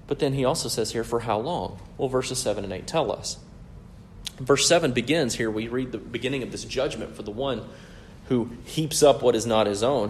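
A man's voice: medium pitch, slight background noise. A man preaching an expository sermon in an emphatic, explanatory way, often checking in with "right?".

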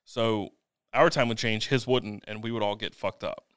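A man's voice: fairly low pitch, fairly even intonation, moderate pace, fairly bright tone, clean tone, no room sound. A man co-hosting a casual podcast, talking in a dry, matter-of-fact way. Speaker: podcast co-host.

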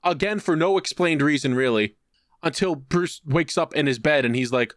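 A man co-hosting a podcast, telling a long story in casual chat. He is animated and profane, and he slips into put-on voices to act out quotes. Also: on the high side, moderate pace, no room sound, studio quality. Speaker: podcast co-host.

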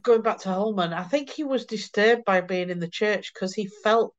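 A woman's voice: medium pitch, moderate pace. A woman on a book-club podcast, sharing thoughts and ending on tag questions. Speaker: podcast co-host. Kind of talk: casual book-club chat. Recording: dull lo-fi sound.

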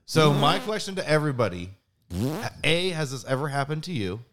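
A man sharing a sheepish anecdote in relaxed podcast conversation. His pitch rises and falls widely as he rambles. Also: a little fast. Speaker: podcast co-host. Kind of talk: casual chat.

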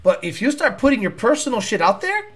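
A man's voice: very high voice, sing-song, quick pace, slightly rough. A man hosting a talk show, ranting in a blunt, profane and combative way. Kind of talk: casual rant.

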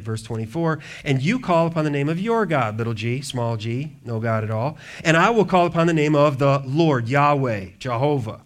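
A man preaching a sermon, reading scripture aloud and breaking off into joking asides, swinging from hushed to loud. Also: mid-range voice. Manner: reads scripture then riffs with humor and asides. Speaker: pastor.

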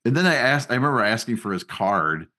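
A man co-hosting a podcast in casual chat, telling a story with animated, rising emphasis. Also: mid-range voice, fast. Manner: animated storyteller, voice jumps up when worked up. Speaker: podcast co-host.

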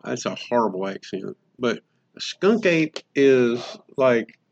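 A man's voice: mid-range voice, expressive, gravelly, slight background noise. Rambling man on a lo-fi podcast. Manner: rambling, joking, drawn-out. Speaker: podcast host. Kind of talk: casual chat. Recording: dull lo-fi sound.

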